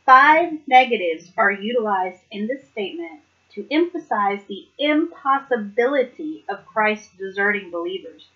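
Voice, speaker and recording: A woman's voice: medium pitch, animated, normal speed, hardly any pauses, muffled recording. A woman giving a casual, earnest devotional talk. She reads scripture aloud and reflects on it, often laughing lightly between points. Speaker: Bible study speaker.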